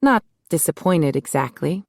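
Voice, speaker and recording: A woman's voice: deep voice, lively intonation, normal speed, vocal fry, a little mellow, dry recording, studio quality, exaggerated voice. A woman voicing a spirited young heroine who teases and questions lightly in an audiobook. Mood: teasing.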